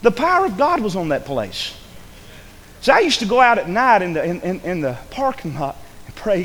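A man preaching a sermon as pastor, telling a story with fervour, dropping to a hush and then rising to a shout. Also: sits high, sing-song, moderate pace, a little hiss or hum. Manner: fervent storytelling, swings between hushed and shouted. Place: church sanctuary. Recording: echoey hall with faint ambience.

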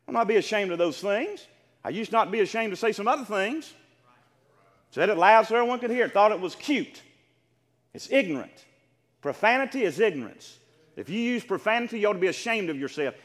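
A man preaching, his voice pitched unusually high and swinging widely. He calls the congregation to answer him and swells into fervent, emphatic cries. A long hall reverb trails every phrase. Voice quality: emphatic, rising to fervent shouts. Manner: call-and-response, exhorting the congregation. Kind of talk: sermon.

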